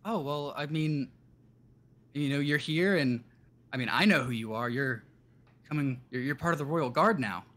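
A man voicing an officious male desk clerk guard who questions people in a brisk, bureaucratic way. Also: on the high side, fairly bright tone, close to an everyday voice.

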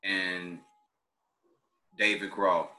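A man's voice: low-pitched, flat delivery, extremely slow, sharp tone. A man in a laid-back casual chat over a remote call, often repeating himself and saying "you know what I mean.".

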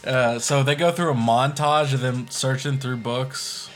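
A man co-hosting a podcast, retelling a movie plot in an animated way, laughing and saying "like" a lot. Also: medium pitch, unhurried, background noise. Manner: animated storyteller, laughs often, lots of "like". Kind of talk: casual movie recap chat.

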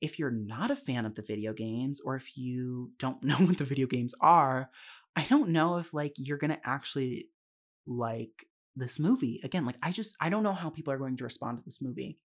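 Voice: medium pitch, moderate pace. Young podcast host ranting casually about a movie, swears a lot, laughs a lot, lots of "like" and "um". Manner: candid, swears freely, laughs often; chatty with frequent fillers and asides. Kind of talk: casual solo film review podcast.

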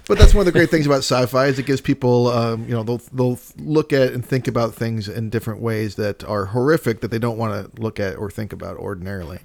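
A man's voice: medium pitch, fast talker, gravelly, few pauses, darkish tone. A man co-hosting a podcast, thinking aloud in a hesitant, musing way with casual chat. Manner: hesitant, musing, many fillers and restarts. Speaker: podcast co-host.

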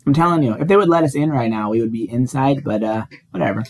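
A man's voice: medium pitch, fast talker. A man from Wisconsin co-hosting a podcast in casual chat, playful and teasing, hyping things up. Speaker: podcast co-host.

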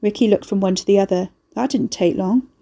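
Mellow woman narrating a story. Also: medium pitch, a little fast, creaky, slightly rough. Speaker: audiobook narrator. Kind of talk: scripted narration of a dark fantasy story.

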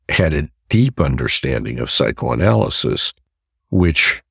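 A man's voice: a bass voice, creaky, husky, dry recording, studio quality. An older man, a family therapist, telling stories from his career in a podcast interview and acting out the voices he quotes.

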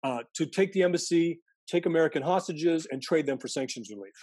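Animated man telling insider stories. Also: on the high side, brisk, breathy edge, no echo. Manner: animated storytelling, mimics quoted voices, frequent self-restarts. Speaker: guest, former intelligence analyst. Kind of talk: conversational interview.

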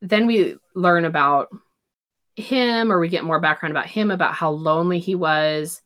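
Low-voiced woman gushing about a romance novel, casual chat. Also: normal speed, a bit bright. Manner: enthusiastic, gushing over the romance. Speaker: book podcast co-host. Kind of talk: casual book discussion.

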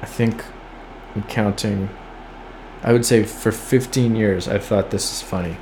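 A man's voice: on the low side, fairly even intonation, unhurried, darkish tone, a little hiss or hum. A man casually reading old poems aloud and commenting on them with wry, profane asides, sometimes stopping to spell out words. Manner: reads lines aloud then riffs with wry, profane asides; spells out words letter by letter while looking them up. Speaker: podcast host reading poems.

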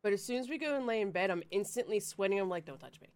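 A woman's voice: medium pitch, racing, darkish tone. Giggly, crude-talking woman. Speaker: podcast co-host. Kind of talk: casual chat.

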